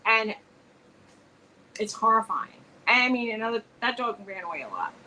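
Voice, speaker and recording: Woman co-host rambling thru stories, kinda high voice, faint background hum. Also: big pitch swings, normal speed, pushed and bright, low-quality recording. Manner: rambling storyteller, restarts often. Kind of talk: casual chat between friends.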